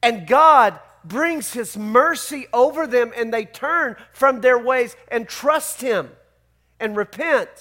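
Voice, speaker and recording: A man's voice: very high-pitched, expressive, takes it slowly, sharp tone. A man preaching a sermon as pastor, conversational and emphatic, full of rhetorical questions to his church.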